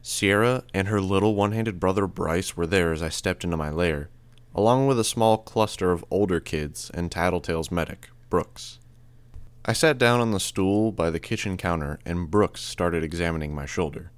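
A man reading a first-person audiobook in a steady, measured way. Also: low-pitched, smooth, no echo. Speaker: audiobook narrator.

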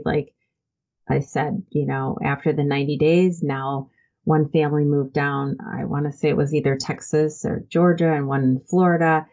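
A woman's voice: sits low, a little mellow, highs cut off. A woman interview guest telling heartfelt stories about her church volunteer work, earnest and full of "um"s and restarts. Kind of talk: conversational interview storytelling.

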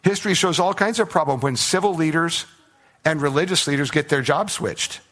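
A man's voice: fairly high pitch, fairly quick. A man preaching a sermon, retelling Bible stories with playful acted-out voices for the characters. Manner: animated storytelling, acts out biblical characters in playful voices. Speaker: pastor.

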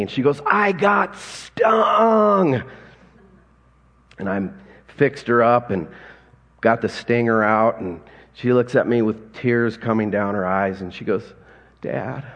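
Male pastor, 40s, husky voice, folksy storytelling sermon, big reverberant hall. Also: lowish voice. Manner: conversational, folksy storytelling with chuckles.

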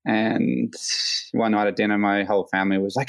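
An Australian man, a hang glider pilot, telling a story as a guest in a casual interview, full of fillers and lively quoted voices. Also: fairly low pitch, a little fast, gravelly, dry recording, poor audio. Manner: rambling, many fillers, animated quoting.

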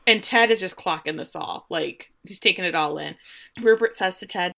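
A woman's voice: on the low side, normal speed, vocal fry. A woman in her forties hosting a casual podcast, animatedly recapping a TV episode and laughing often as she retells scenes. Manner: animated storyteller who laughs often and briefly voices characters.

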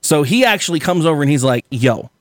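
A man hosts a podcast, his voice on the high side as he talks fast in studio-quality audio with no room sound. He spins a long story in casual chat, animated, swearing freely and acting out what people said.

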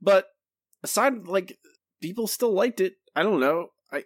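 A man's voice: high-pitched, expressive, unhurried, dry recording, studio quality. A man co-hosting a podcast, giving a candid, critical spoken review in casual chat, hesitant when unsure. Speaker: podcast co-host, episode reviewer.

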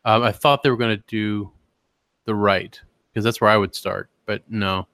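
Bright-voiced man telling rambling stories. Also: lowish voice, fairly even intonation, moderate pace, clean tone. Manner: rambling, profane storytelling. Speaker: podcast co-host. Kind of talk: casual chat.

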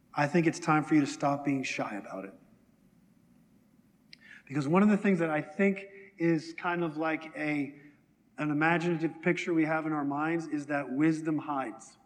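Male pastor, casual sermon, talks with the congregation, fairly high voice, long church-hall reverb. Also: a little slow, long pauses. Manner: conversational, asks the congregation questions.

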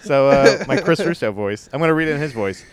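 A man's voice: medium pitch, lively intonation, quick pace, clear, resonant tone, no echo. A young man co-hosting a podcast in casual, joking chat, often putting on silly voices. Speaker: podcast co-host.

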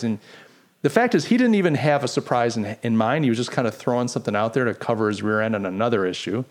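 A middle-aged man hosting a podcast, giving casual commentary in an animated, sarcastic way, firing off rhetorical questions. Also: mid-range voice, quick pace. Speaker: podcast host.

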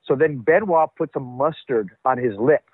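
A man telling locker-room stories in a casual interview, animated and acting out what others said. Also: medium pitch, normal speed, heavy background noise. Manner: animated storyteller, acts out quotes. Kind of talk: casual wrestling interview talk. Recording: dull, lo-fi dry audio.

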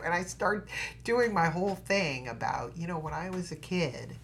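A middle-aged actress telling a story as a podcast guest. She is expressive and dramatic, and acts out every quote. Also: lowish voice, moderate pace, creaky, slight background noise. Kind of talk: animated storytelling in a podcast interview.

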